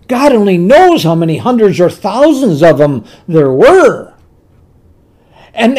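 In a husky, medium-pitched voice, a preacher delivers his sermon with emphasis and animation. He repeats important words and restarts phrases as the story grows.

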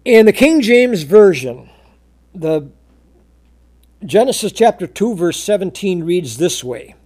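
A male preacher with a high, mellow voice that swings widely in pitch. He talks slowly, stretching out scripture quotes for emphasis. He often repeats himself and restarts mid-sentence as he explains a verse. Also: big pitch swings. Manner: emphatic, slow, drawn-out quoting of scripture. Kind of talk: verse-by-verse Bible sermon.

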